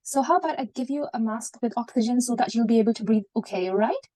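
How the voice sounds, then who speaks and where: A woman role-playing a junior doctor, speaking gently and reassuringly with many okays. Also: on the high side, expressive, quick pace, dry recording.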